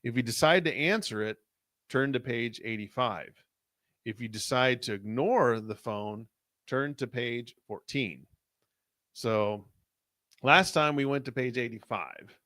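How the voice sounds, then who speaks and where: A man co-hosting a podcast, reading a story aloud in a steady way and giving short agreeing replies. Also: medium pitch, measured pace, no room sound, studio quality.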